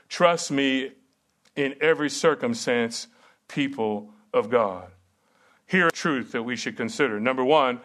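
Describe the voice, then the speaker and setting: A man's voice: fairly high pitch, a bit bright. A middle-aged man preaching a sermon and teaching at a seminary, earnest and emphatic with rhetorical questions.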